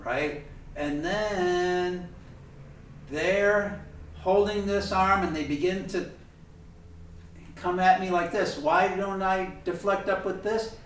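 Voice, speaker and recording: A man leads a tai chi class, talking slowly and a bit high, chatty and correcting himself as he shows each move. He is heard from across a very echoey training room with a faint hiss behind him. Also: distant mic. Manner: chatty, self-correcting, demonstrating moves. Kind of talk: teaching a class over video. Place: training room with heavy bag.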